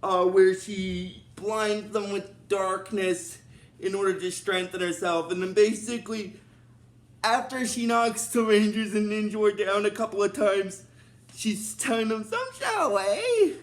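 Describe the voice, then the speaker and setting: High-voiced man rambling through a recap. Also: flat delivery, unhurried. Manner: rambling, with many fillers. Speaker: show recap host. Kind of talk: casual episode recap.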